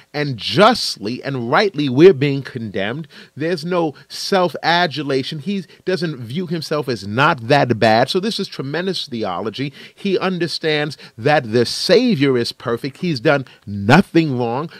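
A man's voice: medium pitch, dry recording. Fiery preacher man, dry close sound. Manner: emphatic preaching, rising bursts and rhetorical questions. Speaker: pastor. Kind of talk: sermon.

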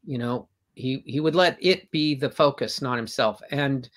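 A man's voice: medium pitch, moderate pace. An older man, a comic artist guest, telling long anecdotes with frequent restarts in a casual interview. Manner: rambling, warm anecdotes with restarts.

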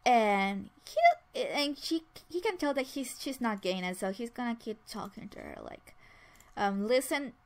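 A woman's voice: a little high, normal speed. Chatty woman narrating a life-sim game. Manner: chatty, voices dialogue for the sims, many restarts. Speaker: let's play narrator. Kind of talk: casual game commentary with voiced character lines.

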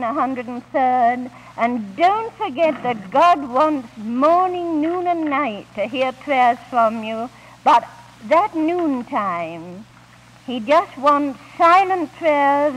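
A woman speaking at a 1950s Christian camp meeting, gently telling homely stories as she ministers, on an old archival recording. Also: sits high, poor audio. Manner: gentle storytelling with homely anecdotes. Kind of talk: 1950s recorded devotional talk.

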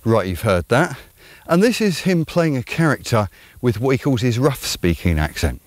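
A man's voice: medium pitch, sing-song, normal speed, no echo. A man with an Estuary English accent hosting his own channel, talking through an opinionated commentary in a rambling, conversational way full of ums. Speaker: channel host.

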